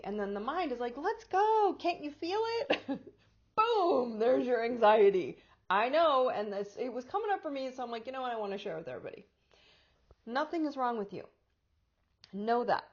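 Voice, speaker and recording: A woman life coach talking casually to her viewers about anxiety, animated and quick to act out inner voices, with frequent laughs. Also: medium pitch, lo-fi sound. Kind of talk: casual spiritual talk to camera.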